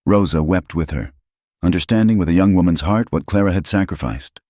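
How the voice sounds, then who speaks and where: A man reading a frontier tale as scripted narration in an even storytelling manner. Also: sits low, a little fast, no room sound, studio quality.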